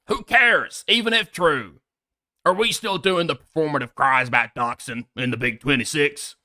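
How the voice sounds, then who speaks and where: A young man talking through a live stream with a bright, lively voice. He swears freely, laughs often and drops sarcastic asides. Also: fairly high pitch. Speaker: commentary streamer. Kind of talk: casual stream commentary.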